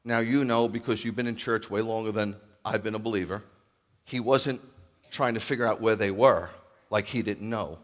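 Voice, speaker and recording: A man preaching a sermon as a rabbi, animated, acting out loud calls and then dropping to a hushed voice. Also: on the low side, normal speed. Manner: animated, acts out calls and shouts, then drops to near-whisper. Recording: long hall reverb.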